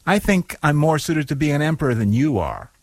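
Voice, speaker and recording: An actor playing a stubborn character in a story who questions and defies the narrator. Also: male voice, on the high side, sing-song, fairly quick, dry recording. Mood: cheeky. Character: cheeky defiant story character.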